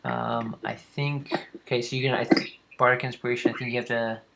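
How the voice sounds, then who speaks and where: A man narrating a tabletop game as game master, pausing often with fillers and restarts. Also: mid-range voice, little pitch movement, vocal fry, very noisy. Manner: halting, with frequent fillers and restarts.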